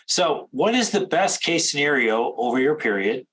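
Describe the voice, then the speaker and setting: Husky-voiced man coaching traders. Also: medium pitch, lively intonation, a bit bright, rough recording. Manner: direct, rapid-fire questions. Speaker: trading coach. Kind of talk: instructional talk.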